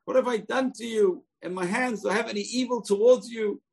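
A man's voice: high-pitched, brisk, vocal fry, slightly rough, voice pushed up, exaggerated voice. A man voicing a young man who pleads earnestly with a king during a scripture lesson. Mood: pleading.

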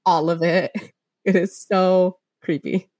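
Blunt, animated woman on a dry mic. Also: fairly low pitch, takes it slowly, no echo. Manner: animated, blunt, laughing between jokes. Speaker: podcast co-host. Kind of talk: casual chat.

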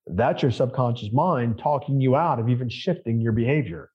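A man's voice: medium pitch, moderate pace, few pauses. Emphatic man, dull lo-fi sound. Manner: emphatic, repeats phrases, rhetorical questions. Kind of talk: conversational podcast interview.

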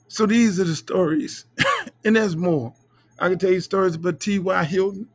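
A middle-aged podcast host tells stories in a casual, profane monologue. His voice has a gravelly edge and sits a bit high for a man. He talks loose and animated. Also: moderate pace.

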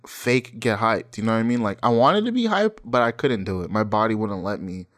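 A man's voice: fairly low pitch, animated, a little fast, fairly bright tone. A man in his twenties chatting casually, telling stories in a laid-back way, swearing freely and laughing often. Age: 20s. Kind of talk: casual chat.

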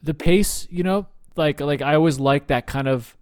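A man co-hosting a podcast, thinking aloud about films in a halting, casual way with many restarts. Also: on the high side, darkish tone, clear, resonant tone, no room sound, studio quality. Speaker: podcast co-host. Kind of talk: casual film discussion.

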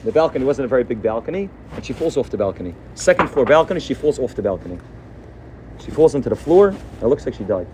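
A man giving a sermon as a rabbi, telling a story in an animated way and sprinkling his speech with Yiddish and Hebrew words. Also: medium pitch, fast talker, background noise.

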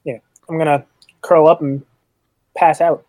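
A man's voice: on the high side, level tone, measured pace, a little mellow, no echo. A man playing a character in a tabletop game, joking and eager in casual banter. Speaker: player.

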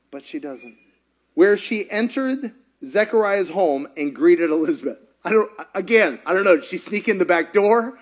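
Animated high-voiced male preacher. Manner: dramatic, swings from shouts to whispers, acts out voices. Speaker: pastor. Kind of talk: sermon.

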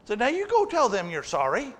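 A man's voice: extremely high pitch, wildly swooping pitch, a little fast, a bit bright. A man preaching a sermon to a congregation, teaching plainly, asking the crowd questions and joking with them. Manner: teaching with humor and audience questions. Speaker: pastor. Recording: long hall reverb.

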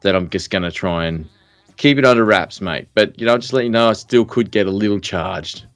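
A man's voice: lowish voice, fairly quick, no room sound. A middle-aged man co-hosting a podcast, talking bluntly in casual chat with lots of fillers and restarts. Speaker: podcast co-host.

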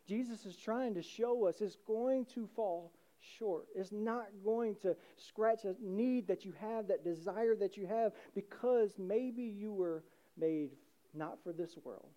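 Man, pastor, casual sermon, mellow dark tone, loud to hushed swings. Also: sits high, takes it slowly. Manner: conversational preaching, acting out voices, swings from loud to hushed.

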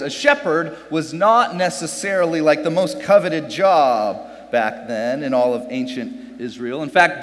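Preaching in a relaxed, conversational manner, this slightly high-voiced pastor puts rhetorical questions to his congregation at a farm church service. His words ring out with the lengthy reverberation of a big space.

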